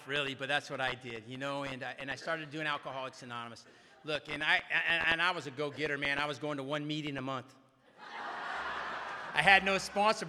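A middle-aged man with a sharp, fairly high voice tells a rambling, self-mocking personal story to a large recovery meeting, often tacking on "right?" for laughs. The reverberant hall carries a slight background noise.

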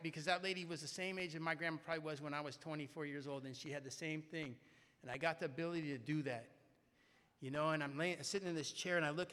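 A man speaking at a recovery meeting, telling a personal story in an animated way and often tagging his sentences with "right?". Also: fairly high pitch. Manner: animated, keeps asking "right?". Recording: echoey hall reverb.

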